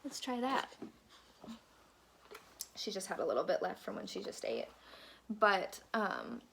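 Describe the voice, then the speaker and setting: A woman's voice: lowish voice, sing-song, normal speed, gravelly, a bit bright, a little hiss or hum. A young woman with a Minnesota accent talks in a loose, rambling way, full of fillers and little asides. She sounds like a new mom chatting casually to the camera about her baby.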